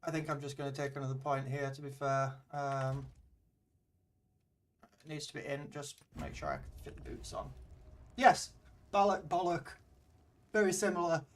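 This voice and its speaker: A man's voice: medium pitch, expressive, normal speed, long pauses, far from the mic, a little hiss or hum. A man from Yorkshire with a mild Yorkshire accent, chatting casually with his live-stream viewers in a rambling way while he plays a game. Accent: mild Yorkshire English. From Yorkshire, England. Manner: chatty and rambling, answers chat between plays.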